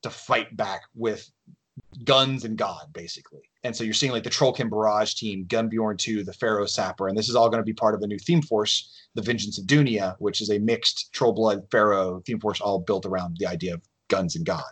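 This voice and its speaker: A man's voice: lowish voice, brisk, a bit bright, breathy edge. A man on a podcast enthusiastically explaining game lore, often restarting his sentences. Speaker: game designer guest. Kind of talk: casual podcast chat.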